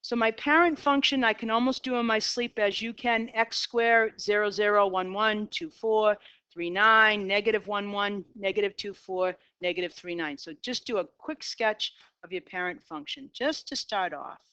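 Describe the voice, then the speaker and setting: A woman's voice: mid-range voice, normal speed, pushed and bright, clear, resonant tone, no echo. A middle-aged woman with a Boston accent teaching a math class, talking herself through graph sketches in an upbeat way. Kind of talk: classroom lecture. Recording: dull lo-fi, dry.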